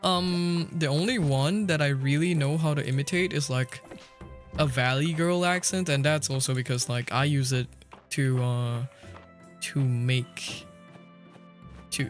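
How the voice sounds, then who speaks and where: A young man talks to his stream chat while he plays, rambling and laughing as he goes. His voice sits at a medium pitch. Quiet background music plays under his desk mic. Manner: rambling, laughs often, chatty with viewers. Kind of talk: casual livestream chat while gaming.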